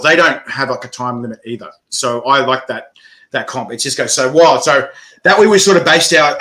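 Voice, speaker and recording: Excitable man, bright voice. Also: mid-range voice. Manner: excitable, laughing, swears casually. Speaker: organizer of a chili eating competition. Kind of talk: animated interview chat.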